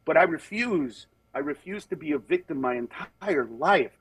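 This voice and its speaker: A man, a comedian, talking casually in a conversational storytelling way, lively and quick to slip into impressions of other people, then earnest and steady on serious points. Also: a little high, breathy edge, no room sound, rough recording. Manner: animated, jumps into acted voices of others. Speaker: comedian guest on a talk show.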